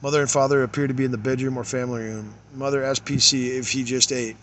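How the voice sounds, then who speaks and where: A man reads case notes aloud and stops to comment, with middling pitch and plenty of fillers. He often trails off into quiet asides. A faint noise sits behind him. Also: little pitch movement, quick pace. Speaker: father reading case notes. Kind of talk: reading documents aloud with commentary.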